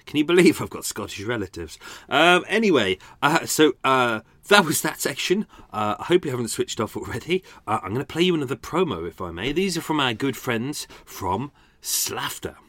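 A man's voice: mid-range voice, big pitch swings, moderate pace, hardly any pauses, a bit bright, no echo. A man hosting a podcast, chatting casually with lots of fillers and self-deprecating asides. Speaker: podcast host. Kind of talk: casual chat.

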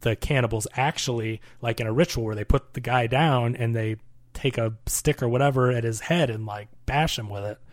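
A man's voice: mid-range voice, brisk, no room sound. A man casually recapping a movie plot on a podcast, rambling with many fillers. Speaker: podcast co-host.

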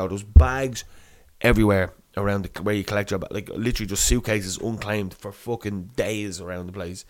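A man's voice: on the low side, steady tone, fairly quick, darkish tone. A young man telling a long, rambling anecdote in casual chat, swearing and laughing as he goes. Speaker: storyteller.

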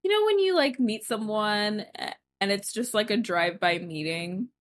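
With a medium-pitched, expressive voice and a moderate pace, a female podcast co-host chats casually. Her talk wanders, full of "like" as filler.

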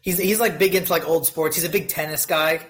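A young man co-hosting a sports podcast in a loose, rambling way. His voice sits a little high for a man. He talks casually, with lots of restarts. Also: fairly even intonation, brisk, fairly bright tone. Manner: rambling, laughing storyteller. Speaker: podcast co-host. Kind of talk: casual chat.

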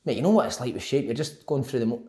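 A man, a former footballer telling animated stories in casual chat, laughing often and acting out quotes. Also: mid-range voice, rapid-fire. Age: 20s at the time, now older.

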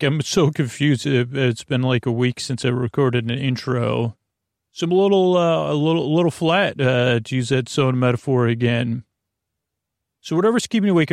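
Creaky, rambling man hosting a sleep show. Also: medium pitch, no room sound, clean studio sound. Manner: meandering, repeats himself, goes off on tangents. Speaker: sleep podcast host. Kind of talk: rambling bedtime monologue.

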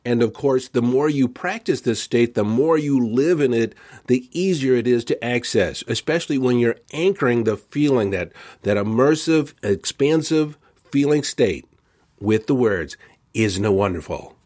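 A man's voice: medium pitch, animated, moderate pace, a little mellow. A man hosting a self-help podcast, talking earnestly and stressing repeated phrases with a set tonality. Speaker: podcast host.

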